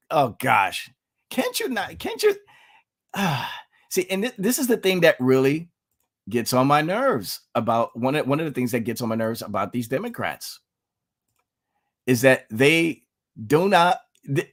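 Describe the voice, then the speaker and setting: A man with a mid-range voice delivers an opinionated commentary monologue as host of his own channel. He talks emphatically, firing rhetorical questions, and his pitch leaps upward at points of emphasis.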